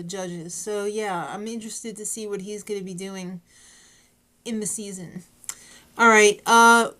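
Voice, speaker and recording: A woman's voice: on the high side, a bit bright. A woman chatting casually through a TV show recap, with sarcastic asides and plenty of fillers. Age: adult parent. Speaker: recap vlogger.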